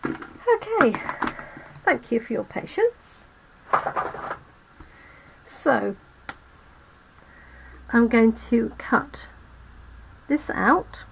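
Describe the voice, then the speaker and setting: A woman's voice: a little high, lively intonation, extremely slow, vocal fry, long pauses, noisy background. A woman hosting a live card-making demo, losing her voice, chatting to viewers as she works. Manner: chatty, talks to viewers while working. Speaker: crafting channel host.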